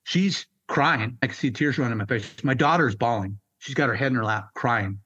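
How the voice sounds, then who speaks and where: A man in his fifties, a military veteran being interviewed, telling his story in a raw, halting way and swearing freely. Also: mid-range voice, pushed and bright, breathy edge, muffled recording. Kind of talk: candid personal storytelling.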